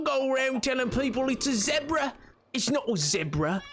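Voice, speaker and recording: A man chats loosely with his stream as he plays, wandering between jokes and asides. His voice leaps up and down playfully, and a quiet music track runs under it. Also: expressive, normal speed. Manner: rambling, playful, jumpy pitch, laughs often. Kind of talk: casual live-stream chat while gaming.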